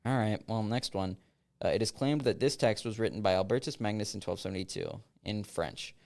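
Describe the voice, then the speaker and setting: Gravelly and fairly dark in tone, a young man's low-leaning voice reads passages aloud on a casual podcast he hosts. He jokes between them with quick asides and laughter.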